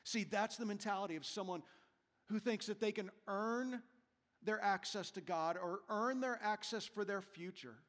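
Male pastor, high voice, earnest sermon, reverberant church hall. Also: moderate pace, fairly bright tone. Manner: earnest, emphatic preaching with rhetorical questions. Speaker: senior pastor.

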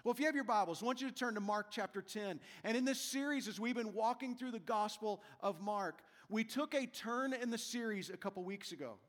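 Male pastor, high voice, earnest sermon, reverberant church hall. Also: a little fast, few pauses. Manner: earnest, emphatic preaching with rhetorical questions. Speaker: senior pastor.

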